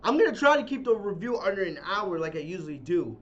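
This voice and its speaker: A man with a very high voice rants through his podcast review, angry and profane, saying his points again and again. The sound is dull and lo-fi. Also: big pitch swings, fast, heavy background noise. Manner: angry, profane, loud ranting with repeated phrases. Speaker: podcast host. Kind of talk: ranting wrestling review podcast.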